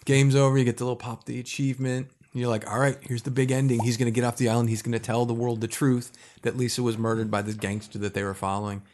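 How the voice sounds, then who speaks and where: A man in casual chat, retelling a video game's plot with animated, swearing storytelling and acted-out lines. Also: medium pitch, fast. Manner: animated storytelling, acting out characters, profane. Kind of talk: casual podcast chat recapping a video game.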